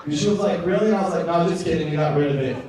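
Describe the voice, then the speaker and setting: A man doing a stand-up routine on a comedy club stage, rambling, repeating himself and bursting into shouted punchlines. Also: a little high, rapid-fire. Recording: echoey club, distant mic, audience noise.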